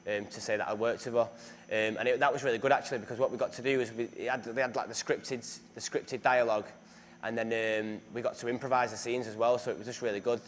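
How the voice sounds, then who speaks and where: A young northern English actor answers interview questions casually and fast, with a mid-range voice and fairly even intonation, and a little hiss or hum in the recording. Chatty and self-deprecating, he leans on fillers and frequently restarts.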